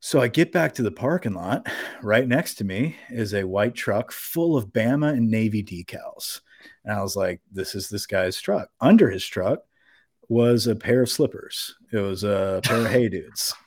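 A man's voice: lowish voice, normal speed, slightly rough, dry recording. Man, young, casual rambling anecdote, profane, dead dry room. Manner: rambling, animated anecdote with profanity and quoted voices. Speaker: podcast co-host. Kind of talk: casual storytelling.

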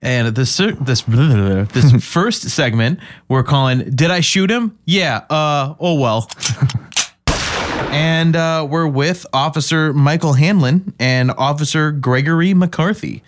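A man's voice: fairly high pitch, slow pace, slight background noise. Easygoing male podcast co-host. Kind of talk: casual chat.

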